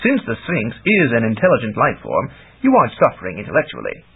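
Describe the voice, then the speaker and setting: Pedantic storybook magician, measured and formal, read by a man, lively pitch, lo-fi phone sound. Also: husky, exaggerated voice. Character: middle-aged male magician, measured and dry. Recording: tinny lo-fi audiobook recording.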